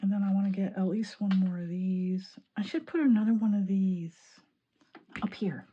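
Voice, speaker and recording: A woman from Illinois chatting excitedly while decorating her planner, laughing often. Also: medium pitch, moderate pace, husky, highs cut off. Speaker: planning vlogger. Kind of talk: chatty crafting vlog.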